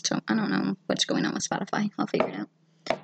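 A woman's voice: quick pace, background noise. A woman co-hosting a casual podcast, talking candidly and emotionally and swearing freely. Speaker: podcast co-host. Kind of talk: casual chat.

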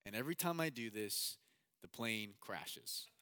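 A man voicing a calm, steady male guide giving instructions over a headset. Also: on the low side, a little slow, clear, resonant tone, no echo. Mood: firm.

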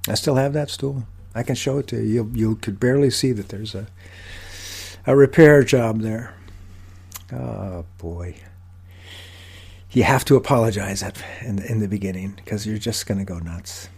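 An older man, a woodworker, telling a story in a casual, animated way with self-mocking dry humor. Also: on the low side, moderate pace, breathy edge. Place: podcast recording.

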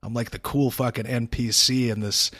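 A man's voice: medium pitch, steady tone, moderate pace, a bit bright, dry recording, studio quality. A congested man co-hosting a podcast from his apartment, joking crudely in casual chat. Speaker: podcast co-host.

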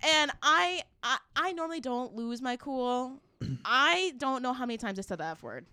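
A woman's voice: sits high, normal speed, clean tone, no echo, clean studio sound. A woman, telling a profane story in casual talk and acting out the quotes with animation. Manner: animated, swears a lot, acts out quotes.

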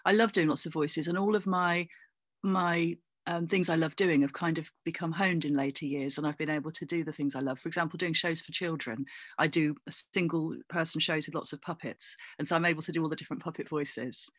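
A middle-aged woman from England, chatting as a guest in an interview, animated and full of asides and fillers. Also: sits low, a little fast, no echo. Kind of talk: casual interview chat.

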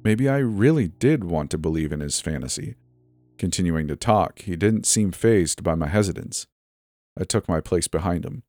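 In scripted narration, a man recounts a first-person horror story with a deep voice and a darkish tone, moving at a moderate pace. His delivery is tense and storytelling, with faint music in the background.

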